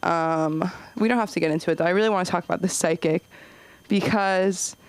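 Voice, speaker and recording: A woman's voice: fairly low pitch, fairly quick, clear, resonant tone, dry recording. Rambling woman doing open-mic stand-up. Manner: chatty, rambling, self-deprecating. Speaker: stand-up comedian. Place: comedy club stage.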